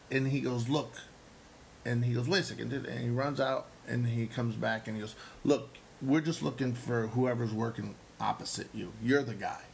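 Gravelly man telling a rambling story. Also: mid-range voice, moderate pace, slight background noise, low-quality recording. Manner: animated storyteller, acts out quotes, swears freely. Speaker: actor and comedian. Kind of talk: casual storytelling chat.

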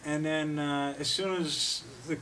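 A man's voice: fairly high pitch, steady tone, unhurried, pushed and bright, a little hiss or hum, rough recording. A man from Long Island, an actor, telling rambling stories about auditions and acting classes and often laughing as he goes. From New York, Long Island. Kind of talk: casual storytelling chat.

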